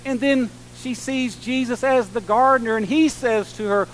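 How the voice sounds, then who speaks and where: A man preaching a sermon in an earnest way, rising to strong emphasis and dropping to soft, slow passages. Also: very high voice, poor audio. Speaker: pastor.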